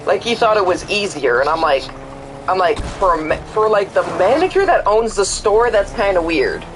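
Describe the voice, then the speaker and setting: A man's voice: sits high, big pitch swings, normal speed, background noise. A young man streaming a game, chatting casually and rambling, swearing a lot and acting out both sides of conversations. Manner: rambling, profane, acts out quoted exchanges. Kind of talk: casual chat while gaming.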